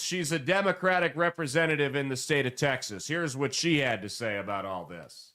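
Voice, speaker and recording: A man hosting a political commentary show, animated and sarcastic, mocking the people he quotes. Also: fairly high pitch, normal speed, hardly any pauses. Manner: animated, sarcastic, mocking voices when quoting.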